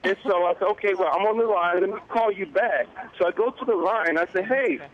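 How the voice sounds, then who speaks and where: A man in his fifties, a guest on a morning talk show, telling a story in an animated way and acting out the voices of the people in it. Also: sits high, a little fast, dull audio. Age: 50s. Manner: animated, acts out quoted dialogue. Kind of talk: casual interview storytelling.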